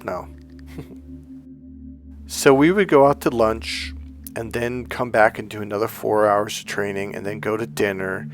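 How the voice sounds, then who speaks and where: A man's voice: lowish voice, steady tone, a little slow, long pauses, soft background music. Blunt, emphatic male dating coach. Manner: repeats words for emphasis. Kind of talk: storytelling monologue.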